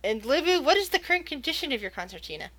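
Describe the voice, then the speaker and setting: A woman narrating a tabletop game as game master, halting and restarting, laughing often. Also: high voice, sing-song, a bit bright.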